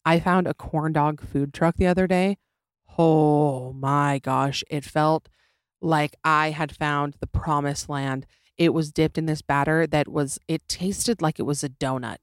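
A woman's voice: low voice, fairly even intonation, a little slow, dry recording. A young woman hosting a comedy podcast, talking in an opinionated, sarcastic way and laughing easily, recorded close in a small room. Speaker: podcast host. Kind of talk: casual comedic podcast monologue.

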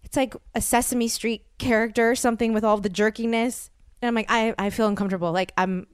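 A woman's voice: fairly high pitch, fairly even intonation, a little fast, clean tone, no room sound, clean studio sound. Rambling American woman in her thirties. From United States. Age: 30s. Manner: rambling, heavy use of "like", stammering restarts. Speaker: podcast host. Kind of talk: casual storytelling monologue.

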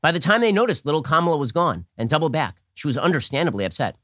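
Rapid-fire sarcastic male political commentator. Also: on the high side, big pitch swings, fairly bright tone, no echo, clean studio sound. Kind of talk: fast-paced political commentary monologue.

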